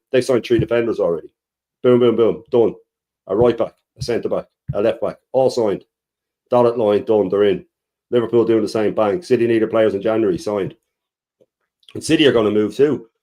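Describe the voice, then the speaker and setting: A man's voice: lowish voice, dark tone. A man co-hosting a fan show, arguing bluntly and emphatically with some swearing. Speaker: co-host. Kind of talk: fast fan debate.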